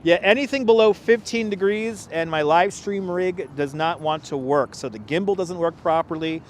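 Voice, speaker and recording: A talkative man hosts a walking livestream from a chilly city park, his voice pitched a little high for a man. He chats loosely, laughs often and reads out viewer comments as he goes. Faint street traffic hums behind his clip-on mic. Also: normal speed. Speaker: livestream host and tour guide. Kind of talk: casual walking livestream chat. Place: outdoors in a city park at sunset, cold. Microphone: wireless clip-on mic.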